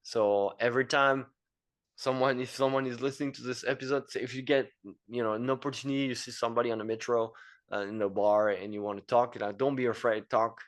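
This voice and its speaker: Talking fast in a steady, medium-pitched voice, this podcast guest rambles through a casual interview with lots of fillers and repeated words. He's a Frenchman in his thirties, an engineer and entrepreneur, speaking accented English.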